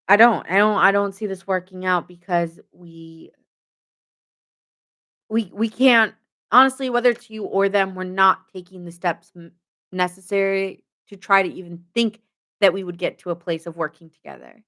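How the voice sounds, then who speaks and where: A woman's voice: medium pitch, normal speed, fairly bright tone. A young woman doing a casual tarot reading for her viewers, chatty and giggling often mid-sentence. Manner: chatty, many fillers like "like" and "giving". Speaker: tarot reader.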